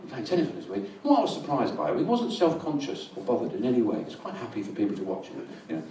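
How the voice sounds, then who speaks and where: A middle-aged man from England doing a live stand-up set, rambling and deadpan, in a small comedy venue. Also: medium pitch, rapid-fire, a little hiss or hum. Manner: dry, rambling, deadpan with crowd laughter. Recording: roomy live venue, distant mic.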